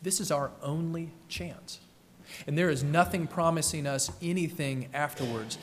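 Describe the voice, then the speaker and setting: A man's voice: on the high side, moderate pace, a little hiss or hum. A man preaching a sermon as pastor, telling the story in a conversational way and acting out the quoted voices.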